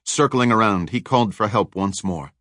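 A man narrating a thriller audiobook in a measured, dramatic storytelling manner. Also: on the low side, fairly bright tone, no echo, studio quality.

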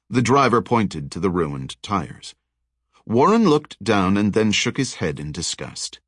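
Man narrating an audiobook, wry, low voice that moves around a lot, dead dry sound. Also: very animated, measured pace, fairly bright tone, breathy edge, no echo. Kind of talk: scripted narration.

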